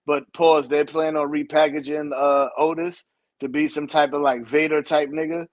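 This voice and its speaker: A laid-back man co-hosting a wrestling recap show, his voice sitting a little high for a man. He teases his co-host and breaks into laughter often. The talk is loose and unscripted. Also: flat delivery, normal speed. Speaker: podcast co-host. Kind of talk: casual wrestling recap chat.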